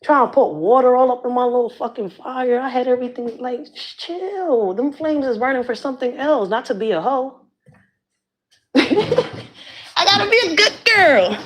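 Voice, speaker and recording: A woman, a community activist who hosts her own channel, rants casually to the camera in blunt, profane slang. Her voice sits high with a darkish tone, and she speaks a little fast with few pauses.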